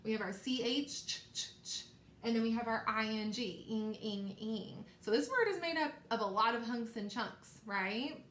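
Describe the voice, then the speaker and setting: A woman teacher leading a recorded phonics lesson for young children, slow and encouraging, repeating sounds for them to echo. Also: a little high, fairly bright tone.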